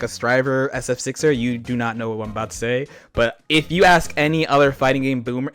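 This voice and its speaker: A slightly high-voiced man rambles through tournament stories, swearing freely and laughing often. Light music plays faintly underneath his streaming chatter. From United States. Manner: animated storytelling with frequent laughs and swearing. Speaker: streamer reacting to a video. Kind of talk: casual profane chat.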